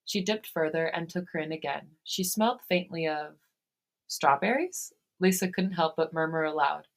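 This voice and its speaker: A woman podcast host reading fan fiction aloud, steady in her reading and given to breaking into laughter. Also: deep voice, normal speed.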